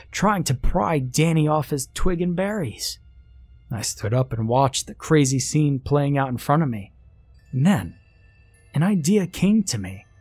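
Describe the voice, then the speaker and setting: Brief: husky male horror narrator, slow and wry, dry close voice-over. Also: medium pitch, a little mellow, no room sound. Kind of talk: first-person horror story narration.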